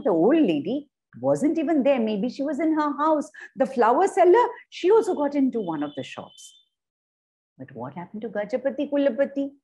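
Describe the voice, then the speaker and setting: Lively woman telling a kids' story. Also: on the high side, husky. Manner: expressive, sound effects and character voices. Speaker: storytelling workshop leader. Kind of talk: animated children's story reading.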